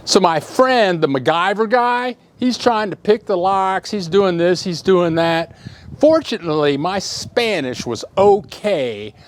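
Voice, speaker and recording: A middle-aged man spins a story for his viewers, taking his time over each line. His voice sits a little high and swings up and down a lot as he acts out the sounds along the way. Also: a little slow. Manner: animated, acts out sounds and shouts in his tale. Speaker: vlogger telling a story. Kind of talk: casual storytelling to camera.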